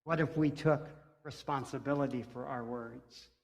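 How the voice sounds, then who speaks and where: A man's voice: medium pitch, fairly even intonation, moderate pace, vocal fry. A man preaching a sermon as pastor, earnest, with rhythmic repeated lines. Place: church sanctuary. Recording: reverberant church sanctuary.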